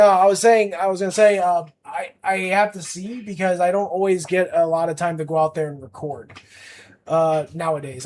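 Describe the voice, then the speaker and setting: A man's voice: sits high, a little mellow. A young man chatting casually on a livestream as an art streamer, rambling with lots of fillers and restarts.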